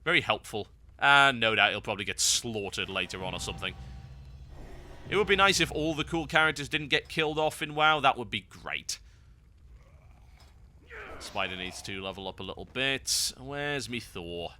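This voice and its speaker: A man's voice: mid-range voice, moderate pace, bright, forceful tone, slight background noise. A man hosting a game guide, giving wry, sarcastic gameplay commentary.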